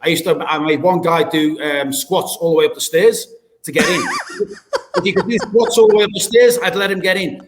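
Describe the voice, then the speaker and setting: High-voiced man telling stories. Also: fairly quick, background noise. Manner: animated anecdotes, swears and laughs a lot. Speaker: guest, former doorman. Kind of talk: casual storytelling.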